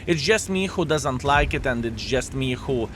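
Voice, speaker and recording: A man's voice: mid-range voice, lively intonation, moderate pace, a bit bright, slight background noise. A man giving live commentary over his own gameplay, chatty and frank, often turning to viewers with tag questions, his English phrasing plainly non-native.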